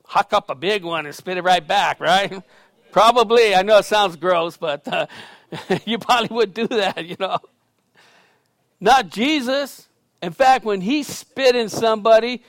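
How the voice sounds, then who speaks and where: A pastor preaching in a high, lively voice, recorded dry and close. He swings from loud, emphatic lines to quiet, chatty asides. He tells stories casually and laughs along the way. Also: no room sound. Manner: conversational storytelling with laughs. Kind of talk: sermon.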